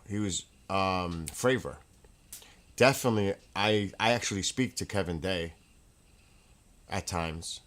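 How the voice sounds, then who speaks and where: A man hosting his own livestream from a room at home, telling casual, rambling stories in an excitable way, with restarts and laughs. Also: on the low side. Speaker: livestream host.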